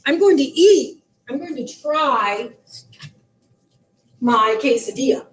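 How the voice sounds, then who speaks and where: A woman's voice: sits high, lively intonation, slow pace. A woman librarian showing children how to cook, talking cheerfully in a sing-song way. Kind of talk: cooking demo for kids. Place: library lounge.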